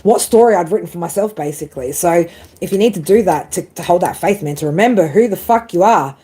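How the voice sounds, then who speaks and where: A woman's voice: on the low side, animated, quick pace, dark tone. Woman doing a live tarot read, swears a lot, keeps saying right and man, rambles and restarts. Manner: frequent laughs and self-corrections. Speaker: tarot reader. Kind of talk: casual live tarot reading.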